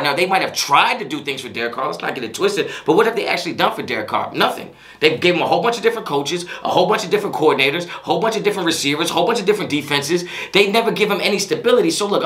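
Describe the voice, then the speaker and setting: Guy doing a fan reaction vlog, bright punchy voice, venting over and over with slang. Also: a little high. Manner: frustrated, repetitive ranting with slang. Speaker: sports fan channel host.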